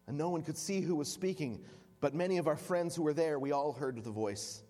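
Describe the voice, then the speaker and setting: Male preacher, vivid storyteller, slightly high voice, recorded in a reverberant hall. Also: brisk, dark tone. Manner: vivid, dramatic narration. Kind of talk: sermon storytelling.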